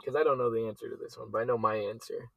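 A man's voice: medium pitch, steady tone, rapid-fire, creaky, no echo, rough recording. A young man co-hosting a casual family chat podcast, joking, laughing often and restarting his sentences. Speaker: podcast co-host.

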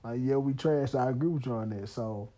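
A man's voice: mid-range voice, a little fast, warm tone. A man in his thirties hosting a podcast, telling a story in a loose, candid way with lots of "man" and easy laughter. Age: 30s. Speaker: podcast host. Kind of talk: casual storytelling monologue.

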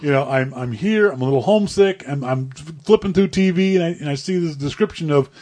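A man's voice: fairly high pitch, fairly quick, darkish tone, a little hiss or hum. A man from Nova Scotia, Canada, telling rambling stories in a casual chat as co-host, with many restarts. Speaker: podcast co-host.

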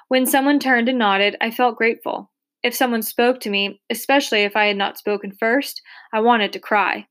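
A woman reading a novel aloud as an audiobook narrator, steady and reflective. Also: fairly high pitch.

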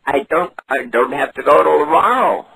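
A man's voice: fairly high pitch, lively intonation, moderate pace, bright, forceful tone, no echo, heavily acted, rough recording. A man voicing a confused, frail old woman on a prank call, rambling and stammering, mishearing and repeating himself. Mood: muddled. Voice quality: quavering, creaky. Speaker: prank caller.

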